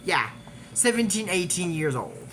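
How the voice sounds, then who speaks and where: A man recapping an animated series in a casual, digressive way, trailing off with fillers and little laughs. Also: high-pitched, measured pace, slight background noise. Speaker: YouTube recap host. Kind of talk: casual rambling episode recap.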